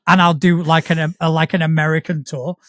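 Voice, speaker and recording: A man with a northern English accent, hosting a relaxed conversation. He stops and restarts his sentences and swears casually. His voice is dry and close, with no room sound around it. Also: a little high, fairly quick, no echo. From north of England. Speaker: podcast host. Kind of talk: casual chat.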